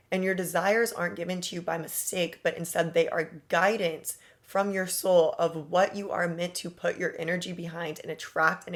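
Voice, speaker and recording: A woman coaching on manifestation in a casual, emphatic monologue, talking straight to the listener with slang and rhetorical questions. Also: on the low side. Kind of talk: motivational monologue.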